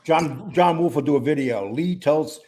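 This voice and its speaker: A man hosts a live-stream show in an easy, rambling manner, reading out viewers' names from the chat. His voice sits a little on the high side. A faint hiss of background noise runs under the recording. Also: normal speed. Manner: greets chat viewers by name, relaxed and rambling. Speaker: host.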